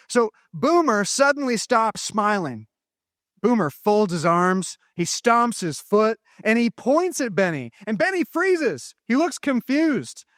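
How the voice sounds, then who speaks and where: Upbeat man with a high voice, dry close sound, leading a school chapel story for children. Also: fairly bright tone, no echo. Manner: playful, upbeat, directing children. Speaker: chapel speaker for elementary students. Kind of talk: interactive Bible story with kids acting it out.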